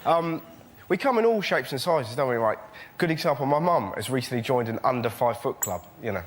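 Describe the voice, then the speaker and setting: A young man doing a stand-up comedy routine, telling excitable stories and shouting his punchlines. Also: medium pitch, fairly quick. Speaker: comedian panellist. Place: TV studio with live audience. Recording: loud noise and audience laughter.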